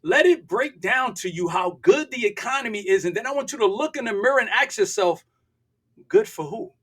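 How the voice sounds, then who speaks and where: An older man talking as a podcast guest in an emphatic, preachy way, repeating himself and sometimes breaking into a shout. His voice is husky and breathy, and it sits somewhat high. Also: expressive, fairly quick. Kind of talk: impassioned podcast talk.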